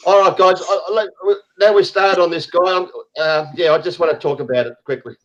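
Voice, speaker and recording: A man's voice: high-pitched, fairly even intonation, brisk, a bit bright, lo-fi sound. A man hosting a casual online group chat, ranting heatedly and swearing often. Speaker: host.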